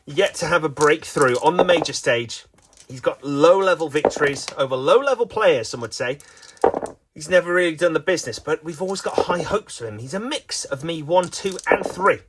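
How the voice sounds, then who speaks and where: A man's voice: a little high, expressive, moderate pace, noisy background. A man giving playful, self-mocking mock sports commentary on a dice game.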